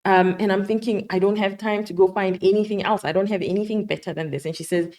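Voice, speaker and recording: A woman's voice: mid-range voice, steady tone, quick pace, a little mellow. A South African woman, a medical doctor, telling her conversion story as an interview guest and acting out the dialogue as she goes. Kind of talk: personal faith testimony told as a story.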